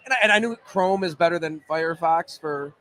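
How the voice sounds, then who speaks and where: A chatty man with a slightly high voice, guesting on a live podcast in a pizza bar. He tells stories and keeps breaking off for asides. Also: moderate pace, bright, forceful tone, low-quality recording. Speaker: sports journalist guest. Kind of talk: casual chat.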